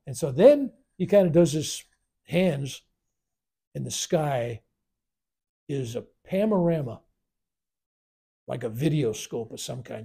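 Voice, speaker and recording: Gravelly, mellow-voiced man telling a spiritual story. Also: medium pitch, slow, long pauses. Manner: rambling, animated retelling with acted quotes. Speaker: spiritual teacher. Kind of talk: workshop storytelling. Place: workshop room.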